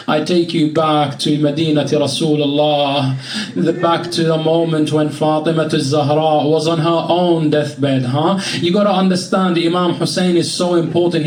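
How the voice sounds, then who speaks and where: A man's voice: on the high side, a little mellow. A man preaching a mourning sermon at a live religious gathering, telling the story with impassioned drama. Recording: echoey hall, mic at a distance.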